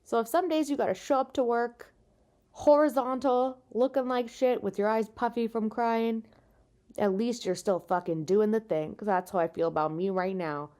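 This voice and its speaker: She's a stand-up comedian doing a solo podcast monologue while worn out in bed, with no podcast microphone, just a makeshift one. Her voice is fairly high and warm, with fairly even intonation at a moderate pace, as she vents candidly, swears a lot and mocks herself.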